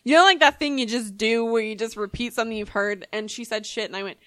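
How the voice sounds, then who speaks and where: A woman's voice: a little high, fast. A young woman co-hosting a podcast, chatting casually and acting out funny family stories. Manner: animated storyteller, acts out quotes. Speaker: podcast co-host. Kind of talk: casual chat.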